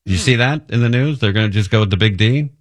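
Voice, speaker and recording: A man's voice: fairly low pitch, quick pace. A middle-aged man hosting a radio show, joking and laughing at himself. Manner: self-mocking, jokey, laughs often. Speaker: radio host. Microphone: studio mic.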